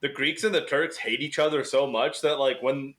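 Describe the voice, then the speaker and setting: A man's voice: mid-range voice, fairly even intonation, normal speed, a bit bright. A man telling stories in casual podcast chat, laughing and swearing. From Canada. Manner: laughing, profane storytelling. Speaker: podcast co-host.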